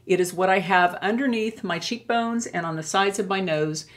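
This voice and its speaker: A woman's voice: medium pitch, normal speed. An older woman chatting to camera as a beauty vlogger, gushing as she reviews products she loves. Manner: warm and gushing, with many admiring exclamations.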